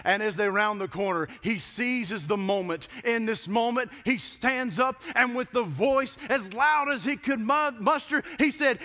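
A preacher delivers a sermon from the pulpit in a high, bright voice. He tells a story and builds each point with emphasis. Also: a little slow, few pauses. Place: church pulpit.

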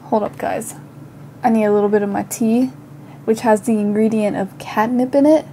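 A woman's voice: a little high, fairly even intonation, moderate pace, dark tone, slight background noise. A young woman doing casual gameplay commentary while slightly sick, chatting to herself and bursting into panicked outcries. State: slightly sick, occasional cough. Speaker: gaming channel host.

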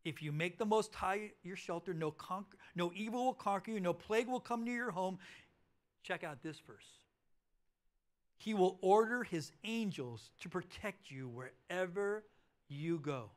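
Speaking a little slowly, a high-pitched, middle-aged male pastor delivers a sermon in a church auditorium. His storytelling veers between loud, insistent emphasis and hushed, quiet passages.

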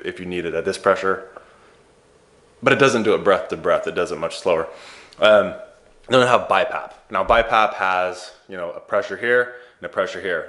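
A man's voice: low voice, fairly bright tone. A man hosting an advice channel, giving a casual explainer with chatty, playful joking asides. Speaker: host of a sleep therapy advice channel.

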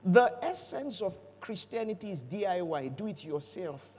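High-voiced pastor preaching in a hall. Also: male voice, normal speed, a little hiss or hum. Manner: animated, playful storytelling with jokes and call-outs to the congregation. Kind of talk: sermon. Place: church auditorium.

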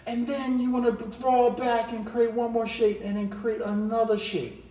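A man teaching a drawing lesson on video, coaching with energetic, repetitive chanting of each step. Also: extremely high pitch, moderate pace, recorded from a distance. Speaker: art teacher. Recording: echoey room, voice off-mic.

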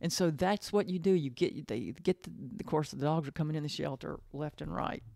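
A woman with a deep, creaky, dark-toned voice speaks in a casual, earnest and emotional podcast monologue. She halts, repeats phrases, and trails off before restarting her sentences, all in clean studio sound without echo.

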